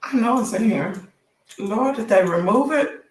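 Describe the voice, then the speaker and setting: A hoarse woman hosting a casual gossip livestream, chatting straight to her viewers. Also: on the high side, expressive, measured pace, echoey room, recorded from a distance, a little hiss or hum. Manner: chatty, addresses viewers directly as y'all. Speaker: celebrity gossip livestream host.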